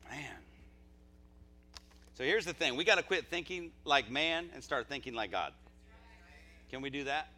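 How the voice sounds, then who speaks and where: A male pastor preaching at a church service, impassioned, dropping to quiet asides and then rising to near-shouts. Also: medium pitch, animated, a little slow, pauses often. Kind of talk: live sermon.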